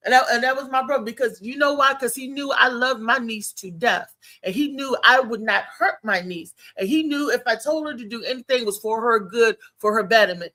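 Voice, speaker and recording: A woman with a bright, forceful voice hosts a relaxed talk show. She tells family stories in an animated, storytelling way, often breaking into laughter. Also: fairly high pitch, fairly quick, hardly any pauses. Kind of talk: casual chat.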